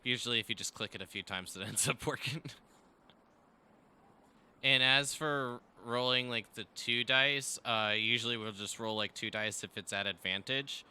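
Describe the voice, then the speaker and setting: A man's voice: medium pitch, moderate pace, bright, forceful tone, clear, resonant tone. A man running a tabletop game as game master over voice chat, hesitant and full of fillers, laughing easily.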